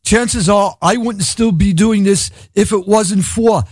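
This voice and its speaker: Brooklyn guy hosting a radio show, kinda high voice, dry sound, sarcastic rambling. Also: unhurried, darkish tone, no room sound. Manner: sardonic, rambling, laughs at his own jokes. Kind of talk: irreverent comedic radio monologue.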